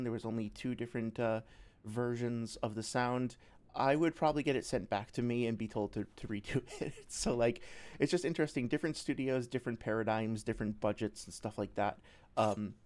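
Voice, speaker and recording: A man's voice: medium pitch, brisk, darkish tone. A man who makes video games, casually explaining a game topic in a rambling way, with lots of fillers and examples. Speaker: game developer and streamer.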